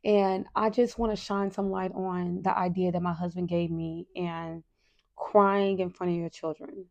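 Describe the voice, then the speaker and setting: A woman in her thirties hosting a podcast, talking candidly and emotionally in a casual way, with soft asides and frequent fillers. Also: on the low side, little pitch movement, unhurried, gravelly, dull audio. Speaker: podcast host. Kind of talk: casual personal talk.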